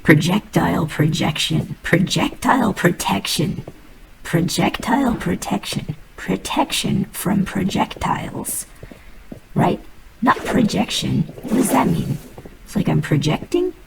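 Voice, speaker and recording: A woman's voice: fairly low pitch, very animated, measured pace, vocal fry, very noisy. A woman casually talking through her gameplay, playful and muttering to herself, swearing now and then. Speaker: gamer.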